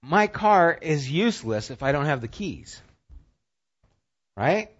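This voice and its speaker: Guy preaching, chatty storytelling sermon, goes loud then hushed, kinda muffled dull recording. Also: fairly high pitch, sing-song, slow pace. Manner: conversational, swings from loud and punchy to quiet and intimate. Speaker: pastor.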